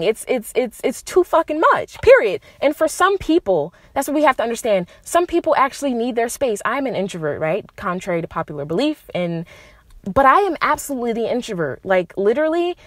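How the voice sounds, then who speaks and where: A woman's voice: medium pitch, no room sound, studio quality. A young adult woman hosting a podcast, giving relationship advice in a casual monologue, blunt and profane, with emphatic rises on her key points. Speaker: podcast host.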